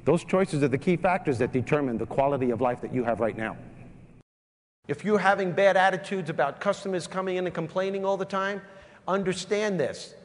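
A man's voice: high voice, fairly quick. A man from New York with a New York accent, giving a punchy, emphatic motivational keynote speech and driving home key phrases by repeating them. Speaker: keynote speaker and comedian. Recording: live talk in an echoey hall, faint room noise.

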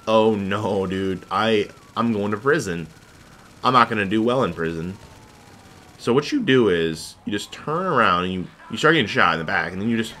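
A man's voice: fairly low pitch, bright, forceful tone, slight background noise. A young man giving rambling, jokey commentary over his own gameplay footage. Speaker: gaming video host.

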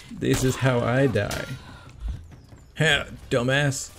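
A man giving casual commentary on his own gameplay, swearing often and breaking into excited yelps and groans. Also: medium pitch, unhurried, noisy background.

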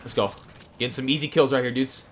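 Bright-voiced young man hyping gameplay. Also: medium pitch, fast, a little hiss or hum. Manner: hyped, excitable, loud outbursts; slangy casual talk to viewers. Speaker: gaming YouTuber. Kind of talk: live gameplay commentary. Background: background music.

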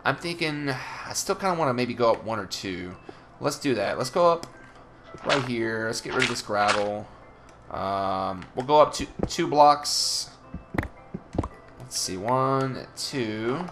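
A man's voice: medium pitch, lively intonation, measured pace, music in the background. A young man from the Southern United States, chatting and grumbling through profane gameplay commentary as a let's play host.

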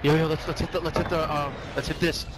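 A man in casual gameplay chat, hyped and swearing, repeating his excited callouts. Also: a little high, fast. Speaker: gamer. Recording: loud game gunfire in the background.

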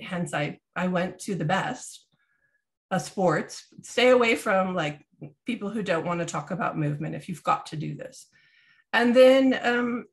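A woman in her thirties, a health podcast co-host, chatting casually and acting out the people in her story with shifts in voice. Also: mid-range voice. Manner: animated storyteller acting out quotes.

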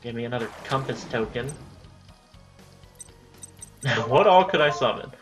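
Loud music plays under this casual gaming commentary, delivered in an animated medium-pitched voice that runs a little slow. The host chats to themself throughout, repeatedly saying "dude".

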